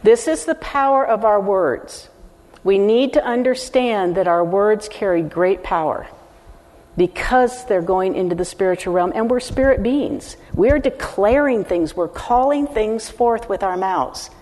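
An older woman preaching in a teaching style, earnest and emphatic as she speaks straight to the congregation. Her voice sits at a middle pitch for a woman. It carries a long reverb from the hall she speaks in. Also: lively intonation, a little slow, a little mellow. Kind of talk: teaching sermon.

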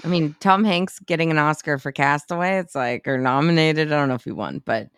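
Podcast co-host, mid-range voice, animated and profane, dry sound. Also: mid-range voice, fairly quick, clear, resonant tone, no echo. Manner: animated, swears freely, acts out reactions. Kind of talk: casual movie chat.

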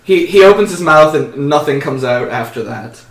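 A man's voice: fairly high pitch, expressive, normal speed. A man narrating a tabletop game as game master, casual with frequent fillers. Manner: casual, many fillers, laughs often. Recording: echoey room, far from mic.

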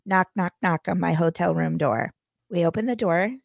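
A woman in her forties, co-hosting a podcast, telling a story in a lively way with laughs and acted-out dialogue. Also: fairly low pitch, normal speed, gravelly, no room sound, clean studio sound. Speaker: podcast co-host. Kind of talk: casual chat, animated storytelling.

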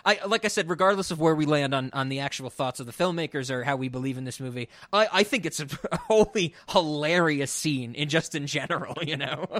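This man co-hosts a relaxed film podcast. He has a slightly high voice and a rambling, giggly way of talking, and he acts out the lines he quotes. The sound is dry, with no room echo. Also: a little fast, few pauses. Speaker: podcast co-host. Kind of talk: casual film discussion.

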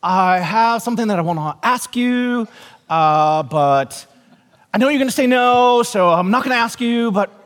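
A man's voice: high-pitched, lively intonation, normal speed, a bit bright. A dad acting out a dithering ten-year-old girl. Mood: hesitant wheedling. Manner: dithering, wheedling. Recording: long hall reverb.

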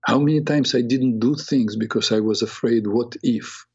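Older man, radio host, earnest reflective storytelling, husky voice, dull lo-fi radio sound. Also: medium pitch, darkish tone. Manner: earnest and reflective, with halting restarts. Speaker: radio show host and psychotherapist. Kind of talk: personal storytelling on a talk show.

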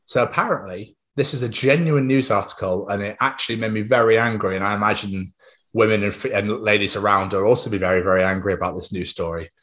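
A man's voice: fairly low pitch, fast talker. Man, young adult, podcast co-host, casual sweary storytelling. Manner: rambling, animated storytelling with swearing. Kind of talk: casual chat.

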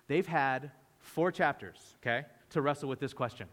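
A man preaching a sermon as a pastor, telling the story with lively energy and playing the disciples' voices. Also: on the high side, quick pace, few pauses. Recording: long hall reverb.

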